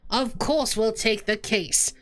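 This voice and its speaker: A woman's voice: a little high, slow pace, a bit bright, faint music behind. A woman voicing a proud male bird lawyer who speaks in a theatrical, indignant way. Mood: pompous.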